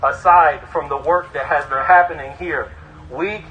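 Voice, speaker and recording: A man with a bright, slightly high voice addresses an outdoor protest rally as a local official. He speaks haltingly and searches for his words. Faint noise sits in the background. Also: muffled recording. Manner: hesitant, halting with fillers.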